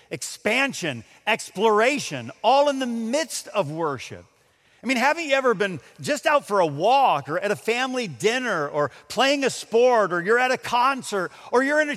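A man preaching a sermon as pastor, emphatic and animated, often repeating words as he builds a point. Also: high-pitched, big-room sound.

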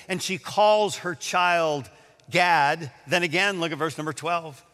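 A man preaching a sermon, reading scripture aloud and explaining it with animated emphasis. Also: on the high side, unhurried. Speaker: pastor. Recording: long hall reverb.

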